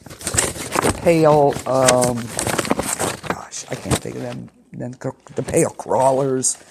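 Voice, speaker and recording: Gravelly-voiced woman radio host. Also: extremely low pitch, little pitch movement, takes it slowly, very noisy. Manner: rambling, with many ums and restarts. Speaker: internet radio show host. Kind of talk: casual show wrap-up and schedule rundown. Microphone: studio mic, pre-recorded.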